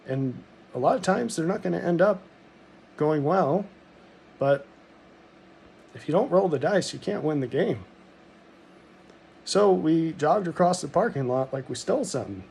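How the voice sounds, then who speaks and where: A man's voice: fairly high pitch, vocal fry, darkish tone, breathy edge. A middle-aged man from Montana telling a personal story in a rambling, reflective monologue, full of ums and restarts.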